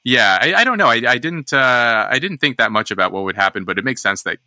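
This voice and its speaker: Bright-voiced man thinking aloud. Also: mid-range voice, lively intonation, quick pace, no echo. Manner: thinking aloud, many restarts and fillers. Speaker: podcast host. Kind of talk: casual discussion.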